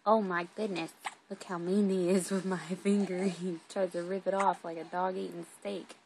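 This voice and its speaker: A woman's voice: lowish voice, little pitch movement, moderate pace, gravelly, darkish tone, a little hiss or hum. A mother cooing in sing-song baby talk to her infant son, recorded on a phone at home. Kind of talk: talking to a baby.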